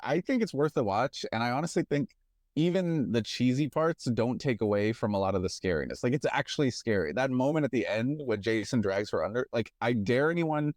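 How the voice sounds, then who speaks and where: A man's voice: medium pitch, expressive, a little fast, a little mellow, no echo, studio quality. A young man co-hosting a podcast, chatting easily and agreeing along. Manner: easygoing, affirming, laughs along. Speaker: podcast co-host. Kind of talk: casual chat.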